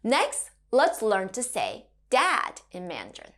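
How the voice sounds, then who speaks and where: A woman in her thirties teaching Mandarin to children, gentle and encouraging, modelling sounds in a sing-song way. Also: medium pitch, wildly swooping pitch, unhurried, hardly any pauses. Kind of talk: children's language lesson.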